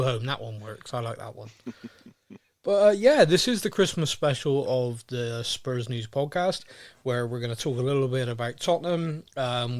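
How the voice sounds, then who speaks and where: A young man hosting a podcast in a casual, playful chat, full of jokes and quick asides. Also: medium pitch, no room sound. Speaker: podcast host.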